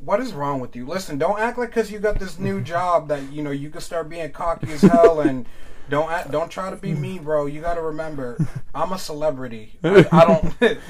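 A young man hosting a podcast in casual chat, talking loudly, laughing often and swearing freely. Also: fairly high pitch, moderate pace, crowd noise, rough recording. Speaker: podcast host.

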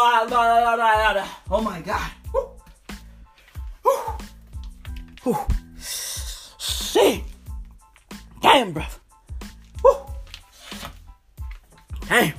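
A woman's voice: fairly high pitch, fairly bright tone. A woman hosting a podcast, ranting about football in a profane, stammering, overexcited way. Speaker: podcast host. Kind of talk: casual football rant.

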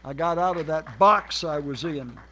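High-voiced, animated male preacher. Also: normal speed. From Minnesota, United States. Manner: animated storyteller, acts out quotes, swings loud and soft. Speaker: guest preacher. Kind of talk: sermon.

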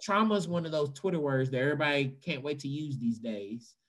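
A man telling a funny, profane story to an audience and mimicking other people's voices. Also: brisk. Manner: animated, profane, mimics voices in a high pitch. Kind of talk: stand-up storytelling.

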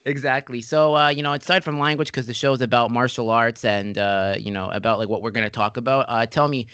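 A man hosts a podcast in a relaxed, chatty way, spinning anecdotes and jumping into quick impressions. His voice is mid-pitched and recorded dry and close, with no room echo. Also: smooth, lo-fi sound. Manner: chatty storyteller, animated impressions. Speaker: podcast host. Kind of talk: casual interview chat.

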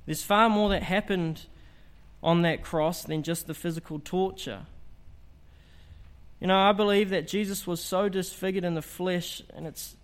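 Earnest man preaching, slightly high voice. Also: steady tone, unhurried. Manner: earnest, emphatic preaching with rhetorical questions. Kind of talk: evangelistic sermon.

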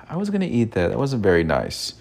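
A man's voice: fairly low pitch, huge pitch swings, moderate pace, creaky, heavily acted. A man voicing a young boy who complains that his food was taken, in a whiny, pleading tone. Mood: hurt complaint. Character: young boy, upset but polite.

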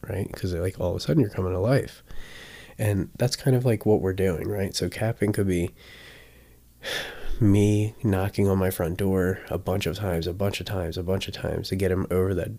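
Male dog trainer, deep and gravelly, easygoing teaching style with lively acted-out examples. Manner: chatty, often checks in with "right?"; acts out examples with sudden bursts. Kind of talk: casual teaching talk.

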